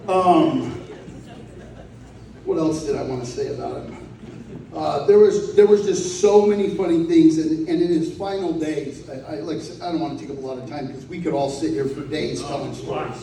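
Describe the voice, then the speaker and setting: A man's voice: fairly high pitch, moderate pace, mellow, slight background noise. A man giving a rambling, laughing eulogy of stories, swearing now and then. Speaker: eulogy speaker. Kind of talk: casual storytelling eulogy. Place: large echoey room from afar. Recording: echoey hall, distant mic.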